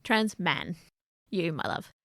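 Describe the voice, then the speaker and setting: A woman co-hosting a casual podcast chat, talking in an earnest, animated way. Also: on the low side, takes it slowly, no room sound, studio quality. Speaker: podcast co-host.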